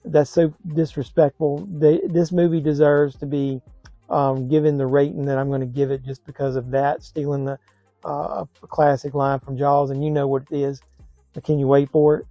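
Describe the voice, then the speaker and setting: A man's voice: a little high, flat delivery, moderate pace, no echo, lo-fi sound, faint music behind. A man giving a blunt, scathing movie review in a casual vlog, sounding exasperated.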